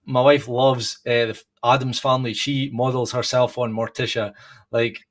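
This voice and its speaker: A man's voice: mid-range voice, little pitch movement, normal speed. A man in his thirties co-hosting a podcast, chatting casually and rambling with many restarts. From United Kingdom. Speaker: podcast co-host. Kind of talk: casual chat.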